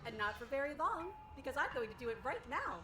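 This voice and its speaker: A teasing, menacing blade princess. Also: female voice, sits high, sing-song, fast. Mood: eager. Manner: teasing, eager, sing-song menace. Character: unkillable blade-bodied princess, woman, playful and menacing. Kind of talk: video game voice acting. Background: game music.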